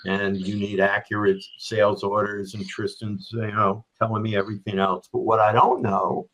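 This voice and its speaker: A business strategy executive, middle-aged or older, explains his thinking through examples as a guest on a remote podcast, checking in often with "right?". His voice is fairly low and the recording is low quality.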